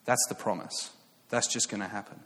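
A man's voice: lowish voice, fairly quick. Male preacher, 30s, English accent, casual storytelling sermon with restarts, large reverberant hall. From England. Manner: chatty and self-mocking, with many fillers and restarts, rising excitement.

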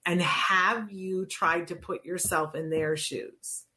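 A middle-aged woman hosting a talk show in a chatty, earnest way. Her voice sits a little low for a woman. She often stops and restarts her sentences, with plenty of fillers. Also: steady tone, slow pace, bright, forceful tone. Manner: chatty and earnest, lots of fillers and self-corrections. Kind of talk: casual talk show monologue.

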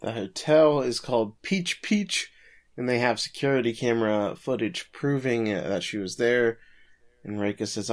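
A man's voice: medium pitch, normal speed. A man co-hosting a podcast, casually recapping episode events and chuckling at the funny parts. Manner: relaxed storytelling, chuckles at the jokes. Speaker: podcast co-host.

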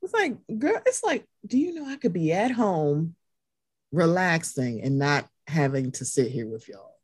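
A woman in her forties with a husky voice, chatting casually and acting out quotes as she tells stories. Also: low voice, unhurried, dry recording, clean studio sound. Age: 40s. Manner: animated storyteller, acts out quotes. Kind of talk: casual chat.

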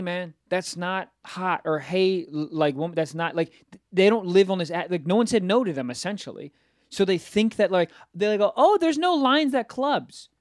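A young man, telling crude, animated stories in a casual podcast chat. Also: sits high, dry recording, studio quality. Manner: profane, animated storytelling with impressions. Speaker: podcast co-host.

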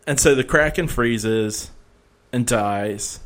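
A man's voice: mid-range voice, slow pace, fairly bright tone. A man talking in a rambling, sarcastic way as a podcast co-host, laughing now and then. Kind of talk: casual chat.

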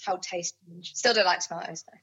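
A woman from southern England with a southern accent mixed with northern English, a podcast guest and musician, chatting in a playful, giggly way with a husky voice. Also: on the low side, fairly even intonation, a little fast, a bit bright. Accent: southern English with picked-up northern English. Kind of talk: casual chat. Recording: dull lo-fi sound.

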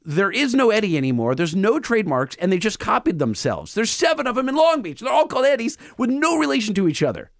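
A man's voice: high-pitched, sing-song, fast, hardly any pauses, no echo, studio quality. Bouncy storytelling man on a podcast. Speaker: podcast co-host. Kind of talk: casual chat. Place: podcast studio.

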